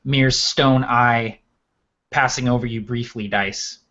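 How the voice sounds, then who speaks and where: Game master guy setting the scene, steady mid voice, bit muffled. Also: mid-range voice. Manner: measured, vivid scene-setting. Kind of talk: descriptive narration in a tabletop game.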